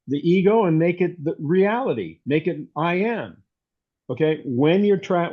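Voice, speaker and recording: A pastor with a fairly high, mellow voice gives an informal, rambling sermon, telling stories conversationally. The recording is dull and lo-fi.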